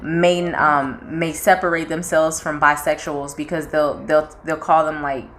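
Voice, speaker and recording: A young woman with a Southern accent talks in a casual, frank way, her voice sitting low. She keeps talking at length and drops in quoted voices as she goes. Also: level tone, measured pace, a little hiss or hum. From North Carolina, US. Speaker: channel co-host. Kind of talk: casual chat.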